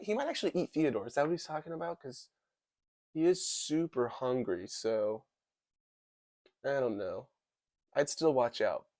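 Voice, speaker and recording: A man's voice: mid-range voice, a little mellow, no echo. A young man rants through a movie recap in a casual, hyperbolic ramble, leaning hard on "like" and "dude". His voice sits in a middle range and sounds close and dry, with no room around it. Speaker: movie reviewer. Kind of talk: casual comedic movie commentary.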